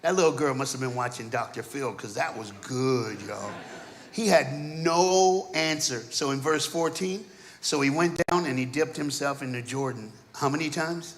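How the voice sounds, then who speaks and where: A man preaching a sermon in a church, telling stories dramatically and acting out the characters, swinging between shouting and hushed asides. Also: medium pitch, moderate pace, slight background noise. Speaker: guest preacher. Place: church auditorium. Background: keyboard music.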